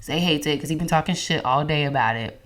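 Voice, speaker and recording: A young woman hosting a casual podcast chat, telling animated slangy stories and laughing often. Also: low-pitched, fast. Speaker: podcast host.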